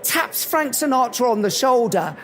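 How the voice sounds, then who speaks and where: A man giving a live motivational talk at an event, telling animated anecdotes. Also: very high-pitched, moderate pace, slight background noise. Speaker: motivational speaker.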